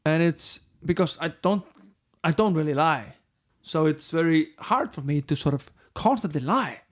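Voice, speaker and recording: A man's voice: fairly high pitch, expressive, normal speed. A middle-aged man from Iceland, a rock band frontman whose first language is Icelandic, telling his story frankly and profanely in an interview and acting out the dialogue he quotes.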